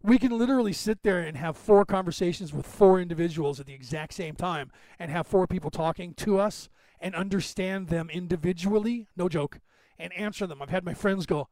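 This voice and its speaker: A man hosting a podcast, talking quickly in a rambling, digressive monologue. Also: sits high, a little mellow, dry recording. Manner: rapid, talkative, digressive. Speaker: podcast host.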